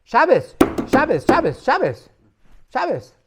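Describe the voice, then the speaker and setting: A man voicing a stern elderly Hasidic rebbe who shouts in outrage. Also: extremely high pitch, huge pitch swings, unhurried, very noisy, pitched above the performer's own voice, heavily acted. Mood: furious. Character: stern elderly male Hasidic rebbe, fiercely protective of Sabbath.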